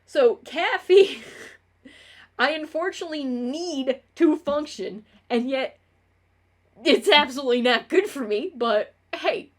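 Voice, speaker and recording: A woman's voice: high voice, lively intonation, measured pace. A young woman streamer in casual livestream talk. She rambles from tangent to tangent, swears often, and trips over her words as a self-described clutterer.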